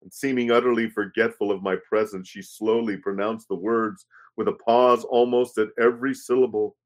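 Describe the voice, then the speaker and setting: Solemn male reader, measured. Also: lowish voice, steady tone. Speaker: reader of a pastor's memoir. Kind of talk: reading aloud a first-person story.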